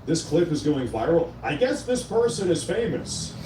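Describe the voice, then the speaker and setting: A man hosts a casual commentary show, sarcastic and opinionated as he reacts to clips. His voice sits a little high. He is recorded from a distance in an echoey room with faint noise behind him. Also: very animated, moderate pace. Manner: sarcastic, opinionated, reads quotes aloud. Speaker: show host.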